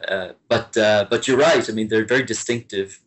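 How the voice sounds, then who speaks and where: Guest: Irish man from Limerick, lowish voice, halting and full of restarts, relaxed chat. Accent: Irish, softened by years abroad. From Ireland, Limerick. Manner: hesitant, many restarts and fillers, chuckling. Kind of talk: casual interview chat.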